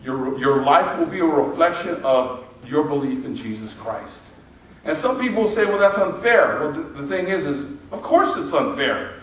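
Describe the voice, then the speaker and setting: A man preaching a sermon in a relaxed, storytelling way, with asides and rhetorical questions to the congregation. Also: a little high, normal speed. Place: church auditorium. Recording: echoey hall, distant mic.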